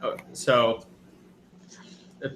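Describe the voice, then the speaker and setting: A man running a tabletop game as game master, narrating hesitantly with many pauses and fillers. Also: a bit bright, slight background noise.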